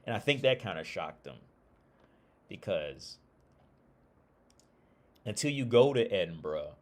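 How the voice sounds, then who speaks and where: A man's voice: deep voice, lively intonation, normal speed, long pauses. A middle-aged man from Ohio chatting casually on a livestream, rambling and swearing with frequent restarts. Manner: rambling, profane, loose restarts. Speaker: streamer.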